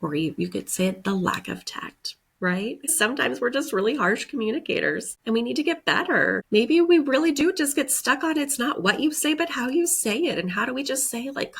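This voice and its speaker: A woman's voice: a little high, expressive, moderate pace, gravelly, hardly any pauses, fairly bright tone, breathy edge. A woman hosting a podcast, congested from a head cold and breathing audibly, speaking earnestly in a reflective self-help monologue. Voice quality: breathes audibly with heavy sighs. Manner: earnest, encouraging, often adds "right?" and "like". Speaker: podcast host.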